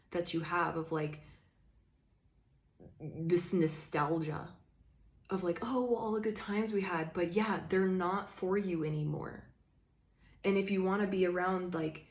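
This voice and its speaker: A woman with a low voice doing a casual tarot reading. She talks straight to the listener, emphatic and profane, and rambles with plenty of "like" and "you know.". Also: darkish tone. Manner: emphatic, swears freely, addresses the viewer directly; loose rambling talk with frequent "like" and "you know". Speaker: tarot reader.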